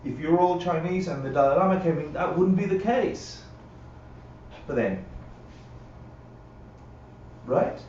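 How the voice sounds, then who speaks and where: A man's voice: fairly high pitch, lively intonation, measured pace, pauses often, a little mellow, a little hiss or hum. A man teaching a live Buddhist class in a conversational way, often checking in with his listeners and acting out quotes. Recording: roomy, dull livestream audio from a distance.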